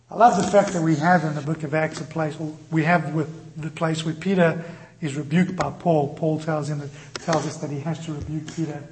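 Male pastor, fairly high voice, passionate storyteller; echoey room, faint hiss. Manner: impassioned storytelling, swings from loud to quiet. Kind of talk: sermon.

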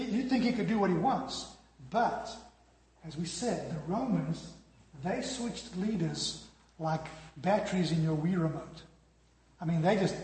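A man preaching a sermon, telling the story dramatically and dropping from loud to hushed. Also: sits high. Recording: echoey hall with long reverb.

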